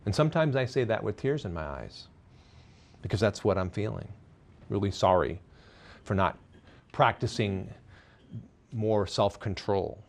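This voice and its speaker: His voice gravelly and animated, the presenter takes a measured pace and pauses often as he discusses parenting and faith before a studio audience. He's open and self-mocking with a light touch, switching between loud, high-pitched stresses and quiet, low remarks.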